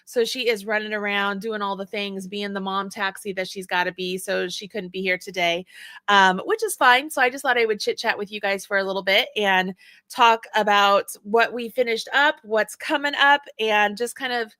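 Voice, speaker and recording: A woman's voice: medium pitch, steady tone, moderate pace, sharp tone, dry recording, clean studio sound. A woman in her forties hosting a casual chat show, talking in a rambling way with many restarts and laughs. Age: 40s. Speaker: host.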